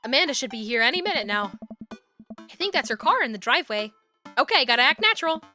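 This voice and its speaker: Brief: high-voiced woman streamer, bright and laughing, reading a story game over soft music. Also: very animated, fast talker. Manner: laughs a lot, swears, reads dialogue aloud.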